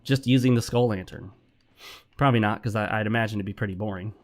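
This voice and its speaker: A man's voice: lowish voice, quick pace. A man doing casual let's-play commentary, talking over his game and breaking into frustrated rants. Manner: chatty, easily frustrated rants. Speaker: gaming commentator.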